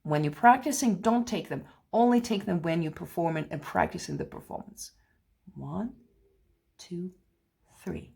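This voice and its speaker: A woman's voice: lowish voice, a little slow, vocal fry, a little mellow, breathy edge. A woman teaching a play-along piano lesson, patiently explaining phrasing and counting beats aloud, with light laughs now and then. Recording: piano heard faintly behind.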